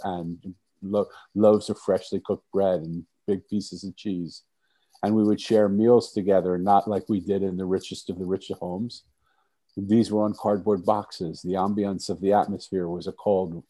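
A man speaking as a podcast guest, telling stories in an earnest, soft-spoken way with frequent restarts. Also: deep voice, low-quality recording. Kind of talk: storytelling in conversation.

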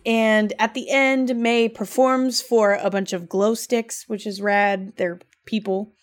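A woman co-hosting a casual podcast, talking about games in an animated, gushing, emotional way. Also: medium pitch, slow. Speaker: podcast co-host.

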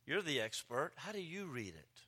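A man voicing a calm teacher who quietly questions a lawyer in a soft, probing way. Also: on the high side, normal speed, breathy edge, voice pushed down, exaggerated voice.

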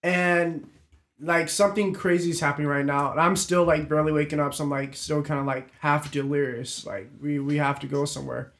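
A man's voice: a little high, steady tone, fairly quick, a bit bright. A man telling a rambling, swear-laced story in a casual chat with friends, full of restarts. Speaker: storyteller on a group podcast. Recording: roomy echo.

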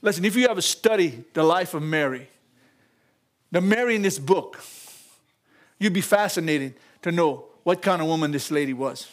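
A man's voice: a little high, expressive, normal speed, pauses often. An older man preaching a folksy sermon, chuckling often and calling out to the congregation.

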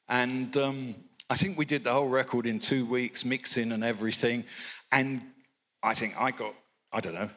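A man's voice: mid-range voice, fairly bright tone. An older man from England, a record producer telling rambling, anecdotal stories in a live interview with chuckles.

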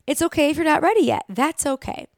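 A young recovery vlogger speaks fast and expressively in a high-pitched voice with vocal fry, giving her viewers a blunt motivational talk to camera. She swears often and repeats phrases for emphasis, captured in dry, studio-quality sound.

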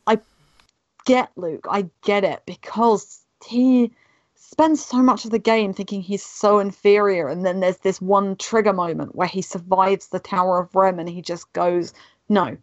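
A woman's voice: medium pitch, moderate pace, dry recording, highs cut off. A woman co-hosting a casual podcast, eagerly retelling a game's story. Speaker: podcast co-host. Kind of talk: casual game discussion.

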